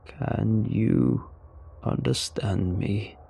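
A man voicing a stranded male alien in a storybook reading, speaking slowly in a low, gravelly voice. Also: dark tone, slight background noise, heavily acted. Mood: pleading. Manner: slow, drawn-out delivery. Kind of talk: storybook narration.

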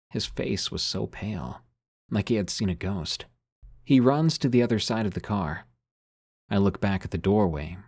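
A man with a low, husky voice narrates scary stories sent in by listeners. His telling is measured and unhurried, and it sinks quieter on the eerie moments. The sound is dry and close, with no room around it. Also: no room sound. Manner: measured storytelling, sinking quieter on eerie lines.

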